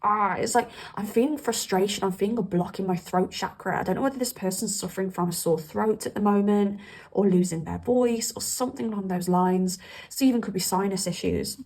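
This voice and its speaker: Woman tarot reader, casual and emphatic, husky gravelly voice. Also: medium pitch, brisk, darkish tone. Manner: chatty, emphatic, laughs often. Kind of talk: casual tarot reading to camera.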